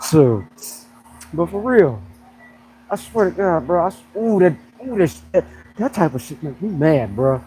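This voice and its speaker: A young man with a fairly high voice that leaps all over the place as he jokes around. His talk is loose and slangy, in the easy flow of a casual livestream chat. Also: unhurried, long pauses, a little hiss or hum, rough recording. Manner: animated, joking, slangy. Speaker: fitness coach and pro bodybuilder.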